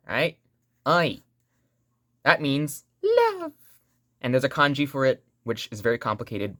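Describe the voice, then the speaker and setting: A woman's voice: very deep voice, no room sound, clean studio sound. A woman teaching a language lesson online in a playful, joking way, repeating sounds for learners to say back.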